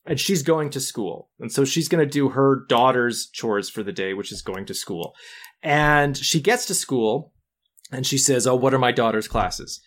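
A young adult man co-hosting a podcast, animatedly retelling movie scenes with quoted lines. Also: mid-range voice. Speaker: podcast co-host. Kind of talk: casual film discussion.

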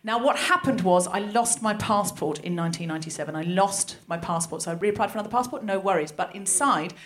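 A woman's voice: mid-range voice, animated, fast. An Australian woman of about forty doing a stand-up comedy set on a live stage, telling a story with animation and acting out the people she quotes. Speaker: comedian and host. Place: live venue before an audience.

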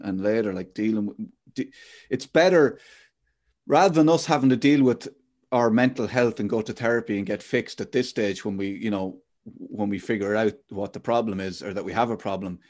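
A man's voice: fairly low pitch, a little mellow. An Irish man in his forties hosting a podcast, talking earnestly and thinking aloud in casual chat. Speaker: podcast host.

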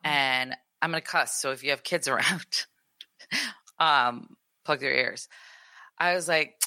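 A woman's voice: sits low, slow, no room sound. A woman in her thirties co-hosting a podcast, telling a story in casual chat and acting out what people said. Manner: animated storytelling, acts out quotes. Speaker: podcast co-host.

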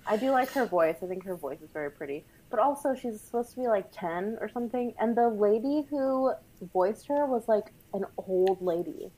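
A young woman co-hosting a casual movie podcast, playful and animated, gasping and laughing along. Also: medium pitch, moderate pace, few pauses, poor audio. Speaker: podcast co-host.

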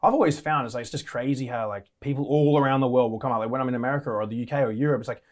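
A young Australian man hosting a casual chat, energetic, with lots of filler words and swearing. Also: medium pitch, very fast.

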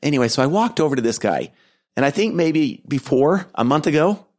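A middle-aged man hosting a podcast, telling a reflective story in an earnest, gentle way with soft laughs. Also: on the high side, lively intonation, a little fast. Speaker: podcast host and keynote speaker.

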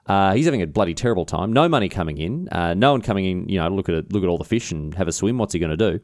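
An Australian man hosts a podcast in a loose, rambling monologue full of cheeky asides and mock rants. His voice sits fairly low but swings widely in pitch. The sound is close and dry. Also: expressive, rapid-fire, darkish tone, dry recording. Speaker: podcast host. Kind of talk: casual storytelling monologue.

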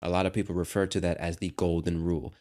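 An American man hosting a lesson, explaining a clip slowly and patiently with casual asides. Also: deep voice, little pitch movement, a little mellow. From United States. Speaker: host.

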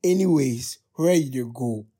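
A young man hosting a podcast, reading text messages aloud in casual commentary and often breaking into loud, high laughter. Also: measured pace, slightly rough. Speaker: podcast host.

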